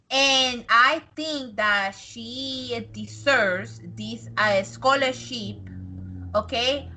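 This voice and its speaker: A woman doing a middle-aged immigrant mother who begs for favors in slow, broken English, stiff and overly polite. The voice rides bright and a touch high, and every phrase comes out slow and careful. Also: slight background noise, full character voice. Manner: halting, broken grammar, formal, overly polite.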